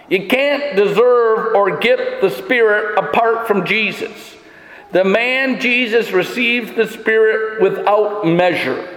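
A man with a high voice preaches a sermon, driving his points home with emphatic, repeated phrases. His voice rings out through a reverberant church hall with a long, echoing tail. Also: a bit bright. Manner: emphatic preaching with rhetorical build-ups. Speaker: pastor. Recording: echoey hall.

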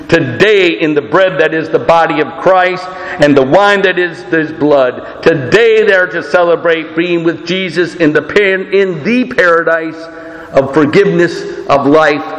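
A male pastor preaching a sermon with emphatic, deliberate delivery, his voice rising and falling. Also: fairly high pitch. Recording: echoey church hall with long reverb.

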